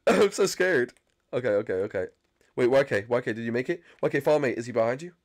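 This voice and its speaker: A young man doing excited, frantic gameplay commentary as a channel host, often yelping and screaming when chased. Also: mid-range voice, normal speed, long pauses.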